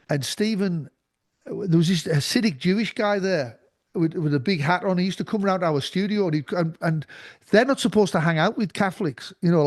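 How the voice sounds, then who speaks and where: A man's voice: sits high, a little mellow, no room sound, clean studio sound. A man as a guest in a casual conversation, insistent and rambling, often talking over the host.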